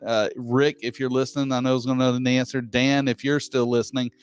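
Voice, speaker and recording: Smooth-voiced joking show host. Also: male voice, mid-range voice, flat delivery. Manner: joking, halting, reads questions slowly. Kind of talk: casual chat.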